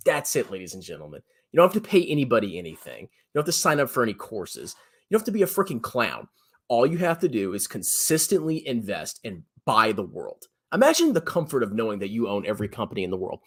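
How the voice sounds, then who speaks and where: A man in his thirties giving blunt, sarcastic personal finance commentary on his own channel, often jumping to a high mocking pitch. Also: wildly swooping pitch, fast, fairly bright tone, husky. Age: 30s. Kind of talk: animated solo commentary.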